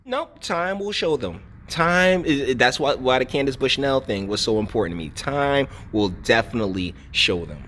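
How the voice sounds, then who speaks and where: A man's voice: expressive, normal speed, hardly any pauses, a bit bright, a little hiss or hum. A man hosting a reaction commentary, mocking and retorting over a clip he plays. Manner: mimics women in a high squeaky voice. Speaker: commentary channel host.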